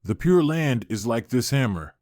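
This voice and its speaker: A man voicing a gentle, wise elderly monk who speaks slowly and soothingly. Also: medium pitch, big pitch swings, no echo, clean studio sound. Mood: gentle teaching. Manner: slow, soothing, kindly teaching tone.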